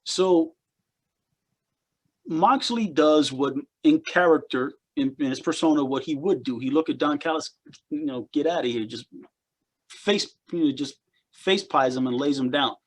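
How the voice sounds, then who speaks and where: A man's voice: a little high, measured pace. A man co-hosting a casual wrestling chat podcast, rambling and repeating words as he picks apart what he watched. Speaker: podcast co-host.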